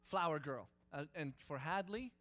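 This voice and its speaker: An animated preacher in his thirties tells a story from the pulpit, swinging from quiet asides to loud acted-out lines. His speaking voice sits a little high for a man, and he laughs as he goes. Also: normal speed. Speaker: pastor. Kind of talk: sermon storytelling.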